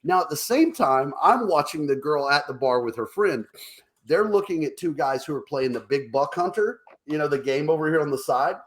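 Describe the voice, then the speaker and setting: Animated storytelling man. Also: normal speed. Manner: animated, acts out quotes in higher voices, laughs often. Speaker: podcast co-host. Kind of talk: casual storytelling over drinks.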